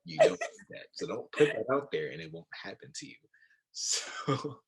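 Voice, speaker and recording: A young man co-hosting a podcast, telling stories in a low-key casual chat with a quiet voice. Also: animated, normal speed, vocal fry, slightly rough. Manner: low-key, storytelling with laughs. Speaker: podcast co-host.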